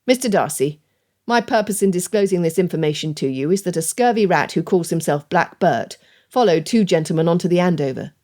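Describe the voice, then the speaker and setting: A woman narrator voicing a gruff, commanding male smuggler ship captain in an audiobook. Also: lowish voice, lively intonation, brisk, mellow, lightly acted. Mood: matter-of-fact. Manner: curt, commanding.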